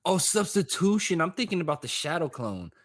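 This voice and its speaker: A man co-hosting a podcast in relaxed, casual chat with laid-back slang. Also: on the high side, a little fast. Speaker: podcast co-host.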